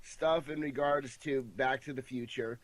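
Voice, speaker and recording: Halting man steering podcast chat. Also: medium pitch, fairly even intonation, no echo. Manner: halting, self-interrupting, tries to steer the topic. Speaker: podcast co-host. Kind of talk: casual podcast banter.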